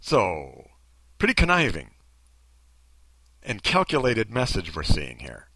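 A man's voice: lowish voice, huge pitch swings, slow, creaky, pushed and bright, no echo. A man giving blunt, sarcastic commentary on a video.

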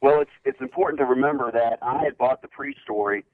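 A man's voice: medium pitch, a little fast. A man calling into a talk show as a guest, telling his side of a story with wry, dry humor. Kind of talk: casual talk show interview. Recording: tinny phone line.

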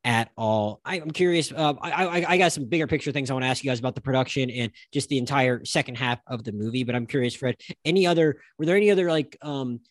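A man's voice: mid-range voice, fast talker, few pauses, no echo. A man hosting a casual film podcast, rambling with lots of stop-start restarts. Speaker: podcast host.

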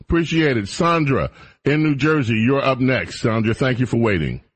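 A man with a Southern American accent hosting a call-in radio show, moving callers along quickly. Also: medium pitch, expressive, husky. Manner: brisk, urging callers to be quick. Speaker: radio talk show host.

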